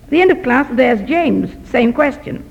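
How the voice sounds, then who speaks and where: A woman missionary doctor telling a story in a sermon, lively and self-deprecating. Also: high-pitched, moderate pace, creaky, husky. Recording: dull recording in a reverberant hall.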